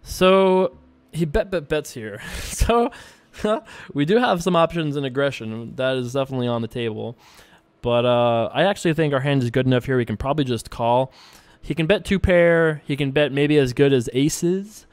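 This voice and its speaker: A man casually commenting on his own online poker play as host, rambling and relaxed with frequent filler words. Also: medium pitch, normal speed, smooth, no echo. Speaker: poker player and show host.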